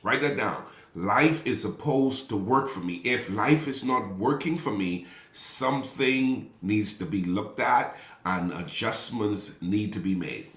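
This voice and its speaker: A man preaching in a loose, conversational way, repeating his phrases and calling out to people in the pews. His voice sits low, and the sound carries a roomy echo from the church hall. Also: measured pace, a bit bright. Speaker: pastor. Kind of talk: sermon. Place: church sanctuary. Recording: echoey room.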